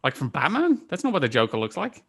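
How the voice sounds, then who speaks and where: A man playing a wry, deadpan party guest in a tabletop role-play. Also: medium pitch, fast talker, creaky, slightly rough, no room sound, heavily acted.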